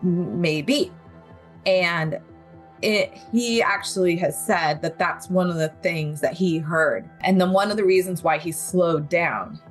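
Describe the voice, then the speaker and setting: A woman's voice: lowish voice, slow pace, soft background music. Woman candidly retelling a survival story. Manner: candid, vivid retelling with nervous laughs. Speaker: guest telling her survival story. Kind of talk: personal story in an interview.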